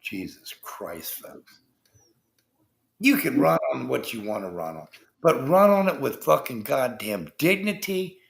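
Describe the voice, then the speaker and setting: A man's voice: mid-range voice, sing-song, unhurried, gravelly. A man hosting a livestream, ranting heatedly about politics with constant swearing and talking to his chat viewers. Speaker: livestream host. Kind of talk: profane political rant on a livestream.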